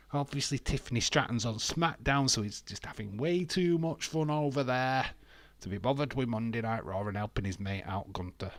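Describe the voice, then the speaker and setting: A man's voice: medium pitch, moderate pace, no room sound. A British man from the UK chatting casually over a live wrestling stream, laughing and joking with viewers. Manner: chatty, laughs often, sings and jokes to himself. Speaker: wrestling watch-along streamer.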